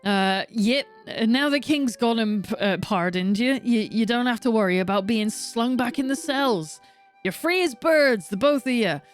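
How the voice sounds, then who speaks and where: A woman voicing a rough-spoken, cheerful commoner with blunt slang. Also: a little high, animated, normal speed, soft background music, natural voice.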